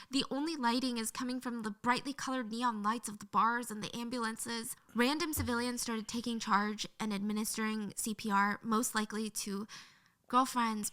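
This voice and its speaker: Woman narrator, high bright voice, earnest true-story telling. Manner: earnest, emotional retelling.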